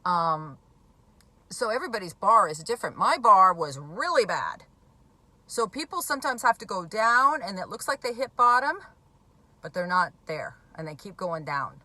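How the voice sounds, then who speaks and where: A woman's voice: medium pitch, sing-song, moderate pace, sharp tone, no room sound. A woman in recovery from alcoholism talking bluntly and emphatically to camera, swearing freely. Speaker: recovering alcoholic speaking on addiction. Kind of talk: direct-to-camera talk.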